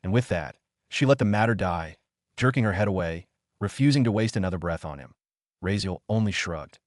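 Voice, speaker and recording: Low-voiced man narrating steadily. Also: expressive, brisk, dry recording, studio quality. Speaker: audiobook narrator. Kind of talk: scripted fantasy narration.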